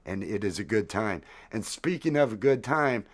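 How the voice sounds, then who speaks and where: A man hosting a live stream, chatting loosely with viewers and greeting them by name while high. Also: animated, moderate pace. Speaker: livestream host and musician. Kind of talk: casual chat to a live stream audience. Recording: echoey room with loud music behind. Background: loud music.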